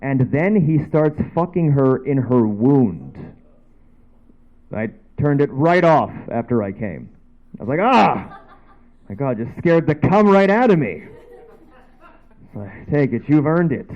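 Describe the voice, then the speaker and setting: Captured in a dull lo-fi recording at a dive bar, this Canadian comedian rambles through a loose stand-up set full of casual asides. His mid-range voice is very animated, yet he takes his time, leaving long pauses.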